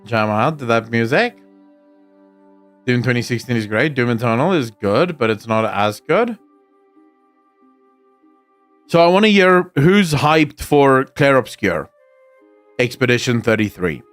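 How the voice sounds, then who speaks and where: A man's voice: medium pitch, lively intonation, unhurried, fairly bright tone, faint music behind. Chatty man reading his stream chat. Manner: chatty, reads viewer comments aloud and answers them. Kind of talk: casual live-stream chat.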